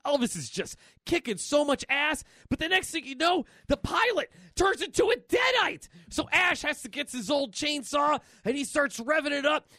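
A man co-hosting a casual comic book podcast, retelling a story in an excited, rambling way with many fillers. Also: extremely high pitch, no echo, clean studio sound. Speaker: podcast co-host.

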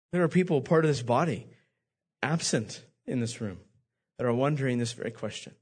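A man's voice: mid-range voice, animated, moderate pace, a little mellow, husky. A man preaching a sermon as pastor, speaking earnestly and directly to his congregation, often repeating words.

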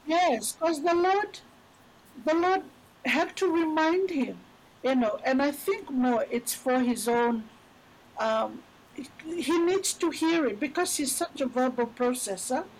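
A middle-aged woman with a fairly high voice speaks as a podcast guest. She tells faith stories in a loose, chatty way and leans on "you know" as she goes. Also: slow, low-quality recording. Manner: chatty storyteller, many "you know" fillers. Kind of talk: casual faith conversation.

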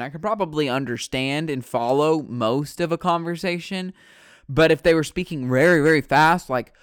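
A man's voice: fairly high pitch, fairly bright tone, smooth, no room sound, clean studio sound. A man from the United States chatting in a rambling, profane way, correcting himself as he goes. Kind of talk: casual rambling chat.

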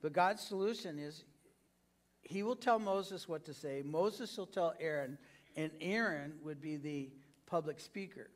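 A man preaching to his congregation, acting out quoted lines with big swings in pitch and loudness. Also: measured pace. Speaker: pastor. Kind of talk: sermon.

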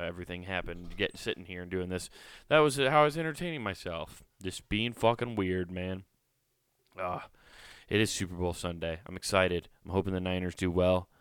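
A man's voice: low voice, moderate pace, a bit bright, clean tone, no echo. A man hosting a solo podcast, talking close to a microphone in a rambling, joking way and swearing freely. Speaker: podcast host. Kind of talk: casual solo podcast chat. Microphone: close studio microphone.

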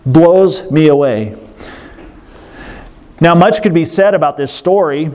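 A man's voice: a little high, expressive, measured pace, long pauses, darkish tone. A man preaching a sermon, telling a story earnestly and breaking off for casual asides to the congregation.

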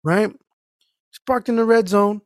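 A man telling a story in casual podcast chat, animated and profane, acting out the people in it. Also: high-pitched, takes it slowly, dry recording, clean studio sound. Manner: animated, profane, acts out the people in his stories.

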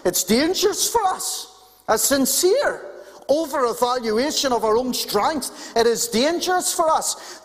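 A man preaching a sermon to a congregation, stressing his points by repeating key phrases. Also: very high-pitched. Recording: long reverb in a large hall.

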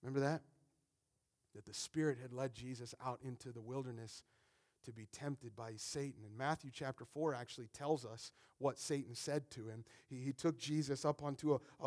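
A man preaching a conversational, animated sermon as a pastor, often repeating words as he builds a point. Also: medium pitch, moderate pace.

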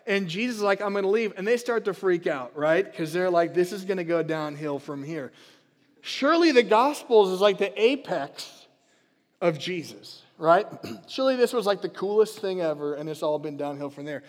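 Casting note: upbeat pastor, man with a high voice, emphatic and chatty, speaking in a church hall with long echo. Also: expressive, normal speed. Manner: chatty, emphatic, rallies the crowd. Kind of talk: casual energetic sermon. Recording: long reverb of a large hall.

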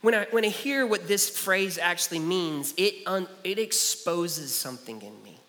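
A man's voice: high-pitched, lively intonation, normal speed, pushed and bright. A man preaching a sermon as a pastor, earnest and personal, telling stories and repeating key phrases. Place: church sanctuary. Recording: church hall reverb.

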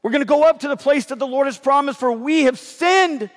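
A desperate, pleading band of ancient Israelites cries out in a high, urgent voice, as a preacher puts them on. The speaker is hoarse and short of breath. A long reverb trails behind him in an echoing hall. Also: male voice, a little fast. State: losing his voice, winded.

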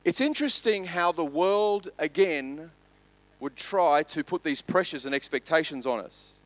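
Animated man preaching. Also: on the high side, unhurried, no room sound, poor audio. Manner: animated, swings from loud to hushed. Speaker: pastor. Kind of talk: sermon.

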